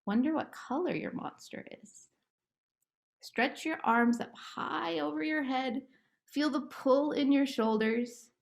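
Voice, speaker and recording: Slow, gentle woman guiding relaxation. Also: high voice, gravelly. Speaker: play therapist. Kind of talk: guided relaxation script for children.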